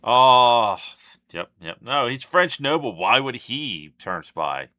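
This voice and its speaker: A man hosting a reaction video who thinks out loud, trails off mid-sentence and cuts in with offhand asides. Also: mid-range voice, big pitch swings, takes it slowly, no room sound, clean studio sound. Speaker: reaction channel host. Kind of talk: casual reaction commentary.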